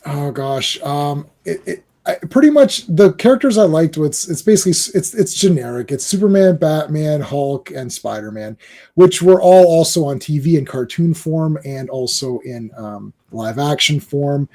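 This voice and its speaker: A man's voice: a little high, expressive, moderate pace, mellow. A man in his forties, a talk show guest, chatting casually and rambling with many restarts. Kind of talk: casual chat.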